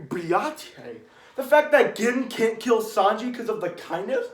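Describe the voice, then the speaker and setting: A young man with a high voice chats casually, a little slowly, ranking his favorite anime moments. He rambles and restarts, growing excited and loud, in an echoey room.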